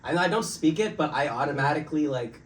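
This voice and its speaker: A young man who grew up in Dubai and moved to Canada, an actor guest chatting casually on a podcast with a relaxed, rambling manner full of fillers. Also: on the high side, quick pace, far from the mic, a little hiss or hum. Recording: roomy sound from off mic with faint ambience.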